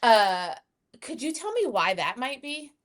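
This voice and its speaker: A woman's voice: on the high side, very animated, measured pace. A woman hosting a casual podcast, chatty and bubbly, peppering her talk with "like" and "you know". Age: adult, mother of two. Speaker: podcast host.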